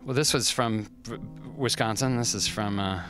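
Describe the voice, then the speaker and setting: Over background music, a West Coast man running a restaurant livestream reads letters from fans. His lowish voice stumbles and wanders, heavy with fillers and self-deprecating remarks.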